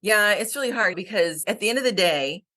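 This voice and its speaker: A middle-aged woman, a company founder, telling stories in a fast, energetic podcast chat. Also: mid-range voice.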